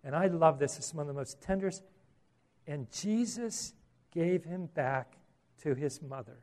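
A man's voice: fairly high pitch, a little slow, a little mellow. A man preaching a sermon, earnest, with repeated words and rhetorical questions.

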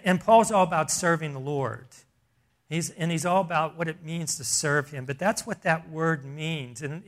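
Earnest man preaching, slightly high voice. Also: a bit bright. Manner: earnest, conversational preaching with frequent restarts. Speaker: pastor. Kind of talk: sermon.

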